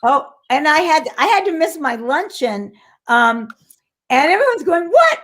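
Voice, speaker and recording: A woman's voice: sits high, big pitch swings, measured pace, fairly bright tone. An older actress, a woman being interviewed, telling stories animatedly, with many restarts and quoted voices acted out. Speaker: actress guest. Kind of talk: casual interview storytelling.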